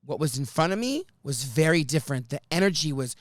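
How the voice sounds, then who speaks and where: A man hosting a casual podcast, spinning a story with plenty of swearing and acted-out quotes. His pitch swings widely, and the sound is dry and close to the mic. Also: fairly quick, no echo. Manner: animated, swears often, acts out quotes. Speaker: podcast host.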